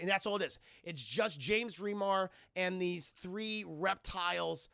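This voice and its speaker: Gravelly, bright-voiced man riffing sarcastically. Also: high voice, no room sound, studio quality. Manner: sarcastic, animated retelling with profanity; mocks characters in quick impressions. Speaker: film reviewer streaming live. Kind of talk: casual scene-by-scene movie recap to chat.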